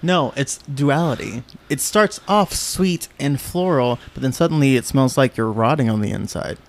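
A man co-hosting a podcast in casual chat, laid-back with deadpan quips. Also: mid-range voice, moderate pace. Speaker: podcast co-host.

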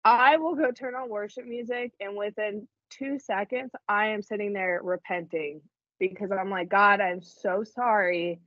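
A woman's voice: medium pitch, moderate pace, no room sound, lo-fi sound. A woman co-hosting a podcast, chatting emotionally about faith and often laughing. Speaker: podcast co-host. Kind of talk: casual faith chat.

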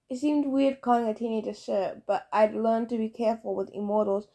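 A woman narrating a fantasy novel as an audiobook reader, in a steady storytelling read. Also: on the high side, a little fast, hardly any pauses.

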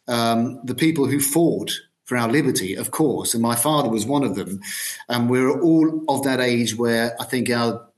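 Middle-aged man, podcast guest, reflective and halting, mid pitch. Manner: thoughtful, hesitant with many ums. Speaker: guitarist and producer, guest. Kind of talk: podcast interview.

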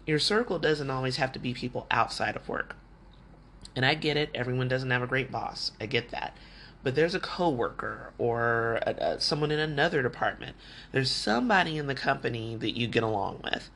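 A man's voice: mid-range voice, fairly bright tone, a little hiss or hum. A man hosting a podcast, talking through advice in a candid, chatty way and acting out the things people said to him. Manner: candid and chatty, often acting out quoted remarks. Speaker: podcast host. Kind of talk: casual advice podcast talk.

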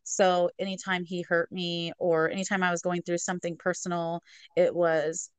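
Young woman with a lowish voice, reflective and matter-of-fact, dry close mic. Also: flat delivery, moderate pace, clear, resonant tone, dry recording. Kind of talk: candid personal conversation.

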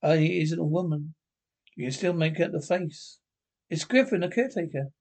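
A weary young husband , read by a man, speaks in a tired, steady voice. He stays calm and reassuring even when things turn grim. It sounds like a homemade reading of an old radio play. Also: fairly high pitch, normal speed, gravelly.

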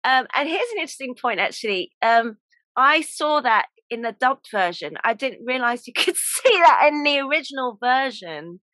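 An English woman hosting a podcast, talking in a relaxed, chatty way with lots of laughs and fillers. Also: high voice, normal speed, no room sound. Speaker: podcast host. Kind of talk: casual chat.

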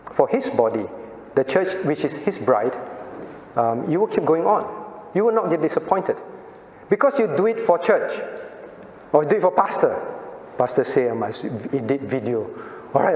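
An earnest male pastor teaching a class, his voice a little high for a man. He questions the group and calls on people by name. A long echo hangs in the church hall. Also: darkish tone. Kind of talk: interactive Bible class teaching. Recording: echoey hall sound.

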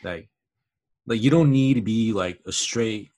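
A man co-hosting a podcast in casual chat, laid-back and quick to agree. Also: on the low side, a little mellow. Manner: laid-back, agrees a lot, many "like" and "you know" fillers. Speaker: podcast co-host.

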